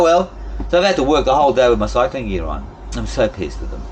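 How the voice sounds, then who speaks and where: A man's voice: medium pitch, very animated, fast talker, a little hiss or hum. A man ranting about his job in a casual vlog, frustrated, swearing and rambling. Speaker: vlogger. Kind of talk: casual venting monologue.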